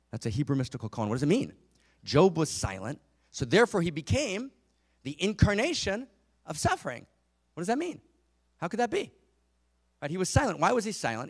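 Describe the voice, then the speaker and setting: A man giving an impassioned spiritual teaching talk to a live audience in a room, asking many rhetorical questions. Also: high voice.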